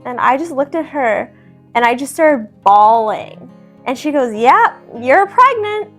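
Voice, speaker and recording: A woman's voice: fairly high pitch, measured pace, soft background music. Chatty young woman telling a story. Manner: chatty, animated, laughs often while telling a story. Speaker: vlogger telling her husband news. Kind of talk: casual personal storytelling. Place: at home, seated with her husband.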